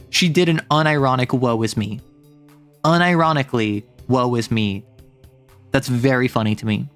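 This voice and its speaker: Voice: mid-range voice, normal speed, clean tone, soft background music. A streamer reading a play aloud on a livestream, breaking off for casual, amused asides.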